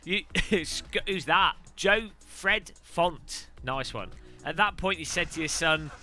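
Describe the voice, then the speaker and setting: A man's voice: a little high, animated, sharp tone, faint music behind. A man chatting casually and rambling on a live stream while sim racing. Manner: chatty, rambling, quick asides.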